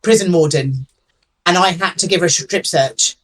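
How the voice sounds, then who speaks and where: A woman's voice: on the low side, normal speed. A woman actress chatting as a podcast guest in a chatty, self-deprecating way, laughing easily. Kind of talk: casual interview chat.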